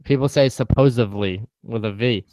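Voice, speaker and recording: Smooth-voiced young man telling stories. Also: medium pitch, moderate pace, no echo. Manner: laid-back storyteller, slangy. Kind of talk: casual chat.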